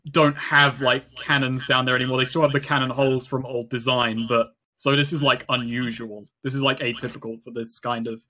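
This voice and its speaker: Game master, male, mid-pitched, patient and rambling as he walks players through the rules. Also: level tone, fairly quick, hardly any pauses, sharp tone. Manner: explains rules patiently, filler-heavy. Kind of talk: running a tabletop game online.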